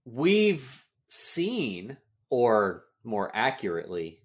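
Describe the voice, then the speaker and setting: A man's voice: medium pitch, very slow. A man co-hosting a movie-review podcast, ranting with exasperation about the film's silly moments. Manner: animated, exasperated rants. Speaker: podcast co-host. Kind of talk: casual movie-review chat.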